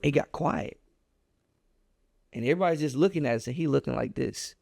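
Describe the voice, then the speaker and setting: A man telling a personal story on a podcast, animated and emphatic in a casual, colloquial way. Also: brisk, vocal fry, no room sound, studio quality. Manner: animated, emphatic storyteller with a wide pitch swing; casual and colloquial, reflective when making his point.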